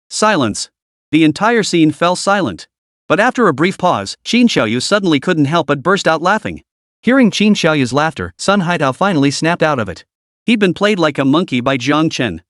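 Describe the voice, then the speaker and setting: A man narrating a comic-drama story recap in a steady, scripted way. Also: on the high side, moderate pace, no room sound, studio quality.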